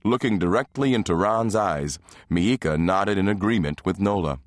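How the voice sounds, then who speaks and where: A man narrating an audiobook in a measured, even reading. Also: sits low, dry recording, studio quality. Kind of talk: scripted narration.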